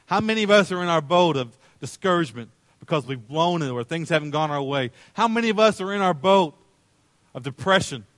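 A male pastor delivering a sermon, acting out voices in the story and moving from loud calls to hushed tender lines. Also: a little high, animated, fairly quick, dry recording. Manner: dramatic, acts out voices in the story.

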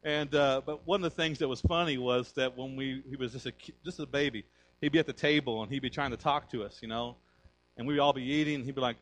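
A male pastor preaching a sermon, emphatic and energetic, calling on the congregation to respond. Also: mid-range voice, quick pace. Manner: conversational storytelling.

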